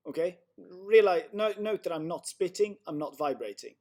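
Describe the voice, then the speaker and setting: A man's voice: fairly high pitch, lively intonation, normal speed, hardly any pauses, darkish tone. Man, language tutor on a video call, patient and methodical, demonstrating sounds one by one. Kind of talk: online tutoring session.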